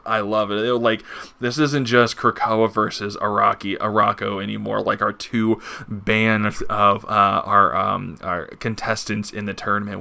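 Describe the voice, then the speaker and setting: A man's voice: fairly low pitch, gravelly, pushed and bright. A man hosting a casual comic book review, gushing with enthusiasm and reading panels aloud, swearing now and then.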